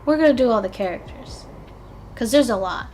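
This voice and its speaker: A woman's voice: a little high, lively intonation, a little fast, a little mellow, a little hiss or hum. A tired woman streaming casually, chatting and mumbling to herself as she works, with a self-deprecating manner. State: tired, yawning. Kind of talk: casual live-stream chat.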